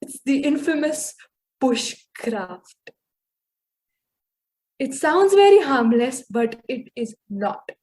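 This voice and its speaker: A woman's voice: sits high, big pitch swings, takes it slowly, pauses often, a little mellow. A teenage girl, co-hosting a podcast and chatting casually as she starts her own story. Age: teens. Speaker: podcast co-host.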